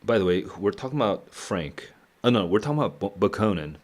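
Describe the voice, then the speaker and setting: A man with a notably low voice reads a novel aloud on his stream. He stops often to muse on what he has read and chuckles as he goes. It is a relaxed, unscripted read-and-react session. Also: a little fast. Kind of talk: casual reading and reacting.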